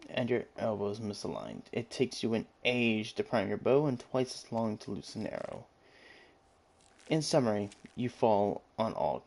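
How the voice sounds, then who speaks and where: A man's voice: on the low side, creaky, darkish tone. A man doing a scornful British elf archer. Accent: put-on British. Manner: cutting, contemptuous. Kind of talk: reading game dialogue aloud.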